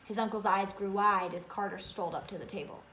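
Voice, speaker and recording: A woman reading a children's novel aloud in an expressive way, with asides to her listeners. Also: mid-range voice, fairly quick, echoey room, slight background noise. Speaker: reader of a children's book.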